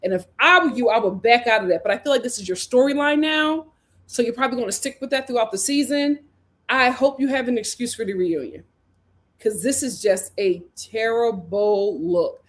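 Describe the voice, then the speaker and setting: A woman's voice: on the high side, moderate pace, a bit bright. A woman hosting a casual reality TV recap, chatty and opinionated, often laughing and full of "like" and "you know". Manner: laughs often while talking. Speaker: host.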